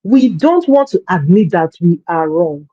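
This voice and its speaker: A woman's voice: fairly low pitch, lively intonation, a little slow, dark tone, breathy edge, no room sound, highs cut off. A woman coaching parents in a workshop talk, speaking earnestly and often repeating words as she searches for her phrasing.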